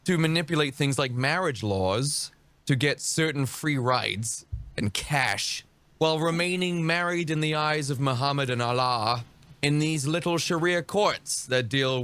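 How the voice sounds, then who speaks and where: A man's voice: a little high, a little slow, fairly bright tone, clean tone, no echo. A man streaming reaction commentary, mocking and sarcastic, dropping profanity as he talks over a video.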